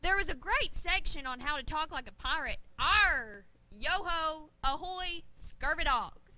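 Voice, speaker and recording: A woman's voice: sits high, animated, a little slow, bright, forceful tone, heavily acted. A woman voicing a boastful, dim-witted pirate captain puppet in a children's church show, growling pirate talk and stammering.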